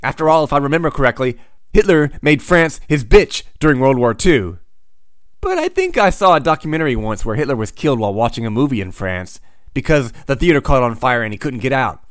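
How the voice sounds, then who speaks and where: A man's voice: mid-range voice, big pitch swings, a little fast, dry recording, studio quality. A man narrating a comic book recap with wry, sardonic asides.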